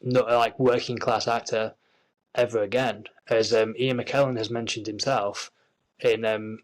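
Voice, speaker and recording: A man's voice: on the low side, little pitch movement, unhurried, rough recording. A young man from Yorkshire with a Yorkshire accent, a guest actor in a casual interview, talking at length with many restarts and fillers. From Yorkshire, England. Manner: rambling, frequent restarts and fillers.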